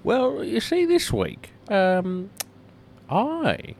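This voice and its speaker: A man co-hosting a comedy podcast, spinning playful deadpan tall tales. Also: high voice, extremely slow, vocal fry, a little hiss or hum. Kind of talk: improvised absurd storytelling.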